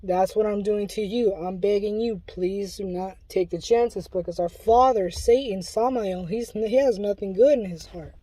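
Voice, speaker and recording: A man's voice: high voice, moderate pace, hardly any pauses, warm tone, dry recording. A man delivering an impassioned spoken warning, pleading and urgent in a preachy way, often restarting his sentences. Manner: rambling with restarts. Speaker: self-described Luciferian giving a testimony.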